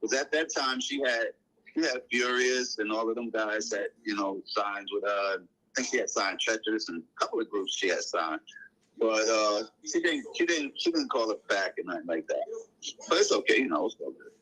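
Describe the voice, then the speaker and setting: A man, a guest on a talk show, telling a long story in a relaxed, casual way. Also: on the low side, normal speed, poor audio. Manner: animated storyteller, acts out quotes in raised voice.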